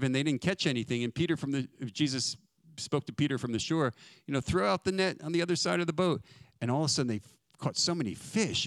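Man preaching a dry, animated sermon. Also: mid-range voice, dry recording. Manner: animated storytelling, acts out quoted speech.

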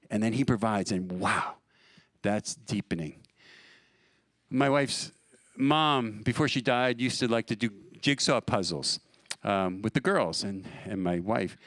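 A man's voice: fairly low pitch, a bit bright, no echo. A middle-aged man from New preaching a sermon as pastor, conversational and storytelling, often laughing at his own stories.

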